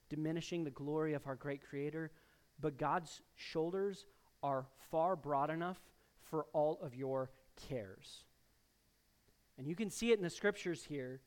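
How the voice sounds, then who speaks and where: A man preaching with a high voice, calling out to his congregation. He pushes key words out loud and lets others sink to near a murmur, his preaching always pointed at the listeners in front of him. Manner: emphatic preaching with sudden louder bursts and soft drops; addresses the congregation directly as church. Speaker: pastor. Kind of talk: sermon.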